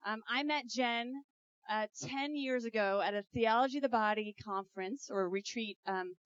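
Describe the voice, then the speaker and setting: A woman's voice: a little high, moderate pace, clear, resonant tone, dry recording, muffled recording. A woman speaker at a conference giving an emotional, exhorting testimony that moves into prayer. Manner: emotional, exhorting, loud bursts; breaks into prayer. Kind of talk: preaching testimony.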